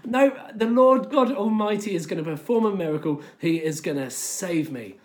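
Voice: medium pitch, lively intonation, normal speed, close to an everyday voice. A preacher voicing a stubborn man caught in a flood, insisting he will be saved and refusing help. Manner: insistent, exclaiming.

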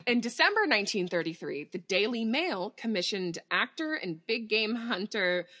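Woman, podcast co-host, lively pitch, bright, giggly casual storytelling. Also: moderate pace. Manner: giggly, swears casually, reads quotes aloud.

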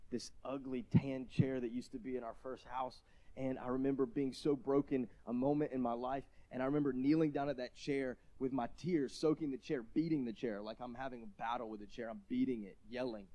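A man delivering a sermon in a mellow, warm voice. He talks conversationally, tells stories with self-deprecating asides, and rises to loud shouts at the emotional peaks. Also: medium pitch. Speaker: pastor.

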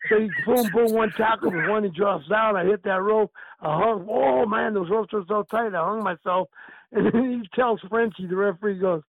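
A man's voice: high-pitched, normal speed, vocal fry, no room sound, phone-quality sound. An older man, a retired pro wrestler, telling stories in a casual chat, laughing often and acting out what others said. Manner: animated, laughing often, acts out quoted lines. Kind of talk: casual storytelling.

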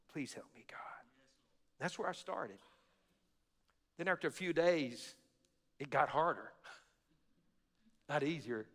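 Male pastor, bright forceful voice, preaching in a reverberant church hall, shouts then hushed prayer. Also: mid-range voice. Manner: impassioned preaching, swings from shouting to quiet confiding prayer. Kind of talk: sermon.

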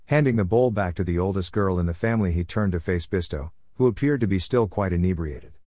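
A man with a lowish voice narrates a story, steady and measured. The sound is dry and close, with no room around it. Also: no echo.

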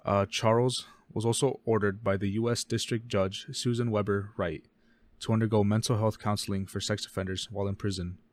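A man co-hosting a casual true-crime podcast, reading case details fast and often stumbling and correcting himself. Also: on the low side, little pitch movement, dry recording. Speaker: podcast co-host.

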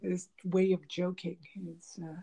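A woman's voice: on the low side, slow, vocal fry, husky. A woman talking casually about relationships, rambling with many fillers and restarts, laughing and acting out bits of dialogue. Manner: animated, laughing, mimics dialogue.

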